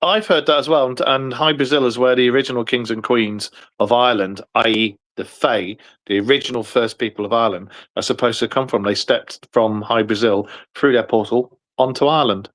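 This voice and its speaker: Man, English accent, podcast host, casual chat, rambling, swears a lot, mid pitch. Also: steady tone, a little fast, few pauses, fairly bright tone. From England. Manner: chatty, swears freely, rambles.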